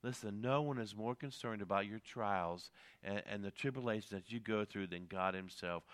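A middle-aged male pastor delivering a sermon in a smooth, resonant voice at an ordinary pitch. He preaches earnestly, pausing with fillers and then rising into sudden emphatic peaks. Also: a bit bright.

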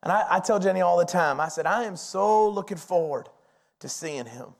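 High-voiced man preaching a folksy sermon. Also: normal speed, gravelly. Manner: storytelling, animated, folksy. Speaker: pastor.

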